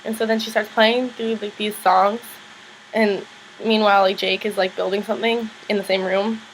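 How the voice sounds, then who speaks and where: A young woman vlogger casually recaps a TV episode, chatty and heavy on "like," performing characters' lines in higher voices. Her delivery is flat at normal speed, and the poor audio has a little hiss or hum.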